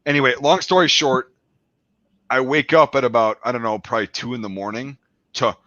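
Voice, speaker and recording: A man tells a swearing, animated story in loose podcast chat. His voice is bright and forceful, close and dry. The sound is a little dull. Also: medium pitch, brisk, no room sound. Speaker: podcast host.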